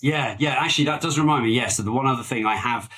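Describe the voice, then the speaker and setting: A man's voice: mid-range voice, quick pace, fairly bright tone, low-quality recording. A man co-hosting a casual film-review podcast, talking in a rambling, hesitant way full of fillers and restarts. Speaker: podcast co-host.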